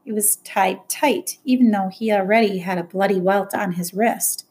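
A woman reading a first-person novel aloud in plain, measured storytelling. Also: mid-range voice, steady tone, darkish tone, breathy edge. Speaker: audiobook narrator. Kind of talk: first-person audiobook narration.

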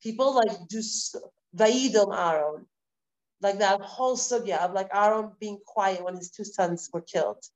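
A woman teaching a live online Torah class, lecturing in a lively, conversational way with repeated phrases and rhetorical questions. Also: medium pitch, normal speed, rough recording. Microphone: video call.

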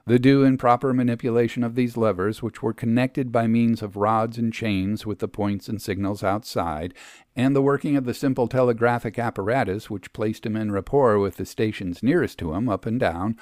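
A man narrating a literary story in the first person, measured and storytelling. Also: mid-range voice, a little mellow, no echo. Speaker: reader.

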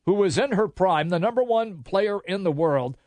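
A man's voice: high-pitched, animated, moderate pace, a little mellow, dry recording. An older man co-hosting a casual talk show, ranting in an exasperated way with many restarts. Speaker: co-host.

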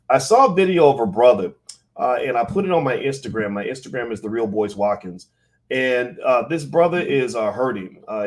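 A man's voice: fairly low pitch, a little mellow. A man hosting a live-streamed podcast, talking casually to his chat with frequent fillers and restarts. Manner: conversational, many fillers and restarts. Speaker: podcast host. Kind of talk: live-streamed talk show.

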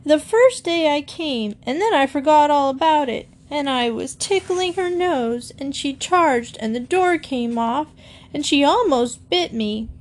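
A woman voicing a frightened, whiny young boy who shouts and wails for help. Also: high-pitched, lively intonation, measured pace, voice pushed up. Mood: panicked. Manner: shouting, wailing.

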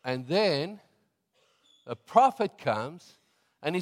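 South African pastor in a reverberant hall. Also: male voice, mid-range voice, a little slow, long pauses. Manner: conversational storytelling, laughing often. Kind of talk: sermon.

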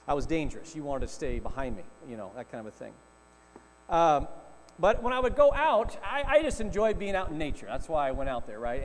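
Middle-aged male pastor, high voice, chatty storytelling sermon, echoing hall, faint hum. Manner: storytelling, conversational with frequent "right?" asides.

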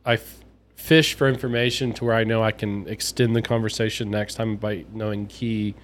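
A man co-hosting a podcast, telling a story in a rambling, animated way with lots of restarts. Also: lowish voice, normal speed, slight background noise. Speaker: podcast co-host. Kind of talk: casual chat and storytelling.

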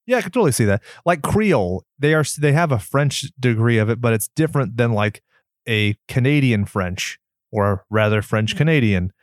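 A man's voice: mid-range voice, animated, moderate pace, dry recording, clean studio sound. Joking, foul-mouthed male podcast host. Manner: playful, sarcastic, swears freely. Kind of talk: casual chat.

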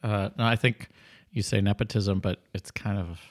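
A man in casual conversation, telling stories in a lively way. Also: on the low side, moderate pace. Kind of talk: casual chat.

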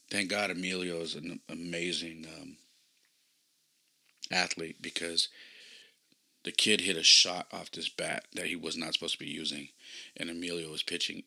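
A man's voice: low voice, creaky, pushed and bright, breathy edge. A man hosting a podcast and reflecting earnestly on his coaching, telling a personal story. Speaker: podcast host and youth baseball coach.

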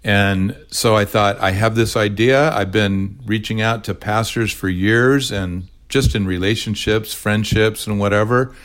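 An older man, a retired pastor, explaining his ministry in a measured, careful podcast conversation. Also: on the low side, steady tone, a bit bright. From California. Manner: measured, explanatory, spells words out.

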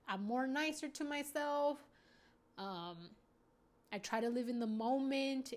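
A woman in her twenties talking candidly and profanely to her viewers about self-care and being a mom. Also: a little high. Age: 20s. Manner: casual, profane, heartfelt. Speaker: vlogger.

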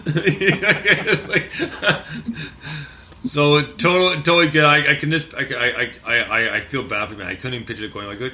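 A man in casual chat, excitable and laughing, stammering through his stories. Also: a little high, moderate pace, a little hiss or hum.

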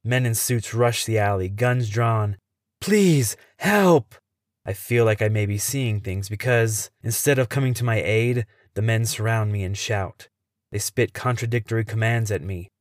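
A man who hosts a podcast, telling a tense first-person story in a measured way. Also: on the low side, fairly even intonation, no echo, studio quality.

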